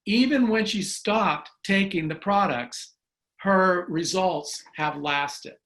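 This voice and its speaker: An enthusiastic man in his sixties tells stories over a video call. His voice sits a little high and rings bright and forceful. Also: slow. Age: 60s. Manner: enthusiastic storyteller. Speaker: guest. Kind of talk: casual video call chat.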